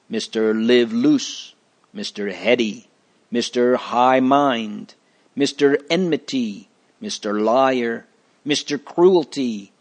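A man's voice: mid-range voice, darkish tone. A man reading a storybook aloud as narrator, in a plain, explaining manner for children.

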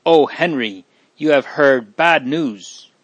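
A man's voice: mid-range voice, fairly even intonation, unhurried, fairly bright tone, dry recording, dull audio, lightly acted. A man reading the part of a frightened young woman traveler who keeps her composure, speaking anxiously and pleadingly.

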